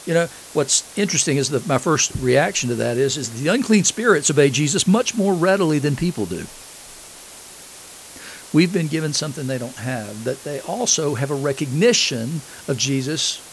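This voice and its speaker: A man's voice: fairly high pitch, slight background noise, low-quality recording. A man preaching a sermon. He reads scripture aloud, explains it, and puts questions to his listeners. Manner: asks the congregation questions.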